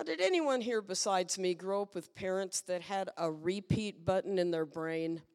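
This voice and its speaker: Slow, playful woman preaching. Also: mid-range voice, in a large hall. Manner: playful, asks the congregation questions. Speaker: guest preacher. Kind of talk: lively sermon. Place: church sanctuary.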